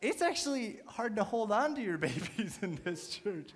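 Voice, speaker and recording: A man's voice: sits high, big pitch swings, normal speed. A man in his thirties, a pastor, giving a casual, chatty sermon to his church and often checking in with "right?". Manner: casual, chatty preaching with many "right?" tags.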